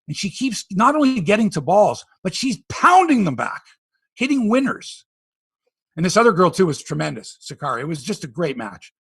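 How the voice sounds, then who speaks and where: Husky-voiced Canadian man chatting sports. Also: sits high, moderate pace, dry recording. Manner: animated storytelling, tangents. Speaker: podcast host. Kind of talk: casual sports chat.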